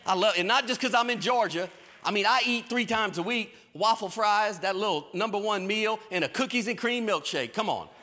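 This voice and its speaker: A man preaching a sermon in a lively storytelling way, with folksy Southern phrasing. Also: high voice, moderate pace. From American South. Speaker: pastor. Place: church stage.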